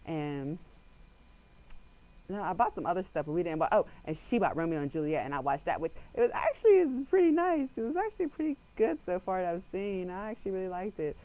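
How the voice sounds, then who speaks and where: A young man talks straight into his webcam at home in a loose, rambling way, with "like" in nearly every sentence. His voice sits a little higher than most men's. He keeps slipping into quick impressions of what he and others said. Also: animated, phone-quality sound. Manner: chatty, rambling, peppered with "like", acts out quotes. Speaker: vlogger. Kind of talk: casual webcam chat.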